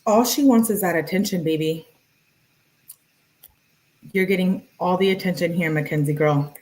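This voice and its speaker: A woman's voice: fairly low pitch, a little slow, long pauses, a little mellow, low-quality recording. Woman reading texts with sarcastic asides. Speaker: true crime commentator. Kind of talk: reading text messages aloud with commentary.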